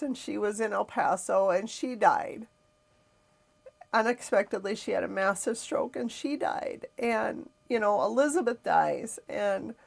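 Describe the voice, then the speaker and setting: A woman's voice: medium pitch, vocal fry. A middle-aged woman hosting a podcast, telling a personal family story in a reflective, emotional way with frequent sighs. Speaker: podcast host.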